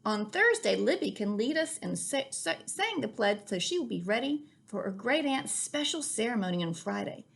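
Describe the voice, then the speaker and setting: A woman's voice: on the high side, very animated, moderate pace, creaky, few pauses, slightly rough, heavily acted. A woman reading a storybook aloud, voicing a kindly schoolteacher who explains things patiently to her class.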